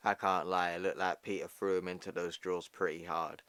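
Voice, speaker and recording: A man's voice: low-pitched, flat delivery, fairly quick, fairly bright tone, clean tone, no echo. A man hosting a comic book channel, recapping a story in a casual, slangy, offhand way. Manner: slangy and offhand, says yo, bro, fam.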